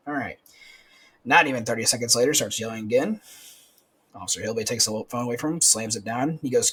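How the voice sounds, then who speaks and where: A man's voice: mid-range voice, fast, fairly bright tone, breathy edge, poor audio. A young man telling a crude, profane work story on a podcast while laughing through it. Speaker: podcast co-host, corrections officer. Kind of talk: casual storytelling chat.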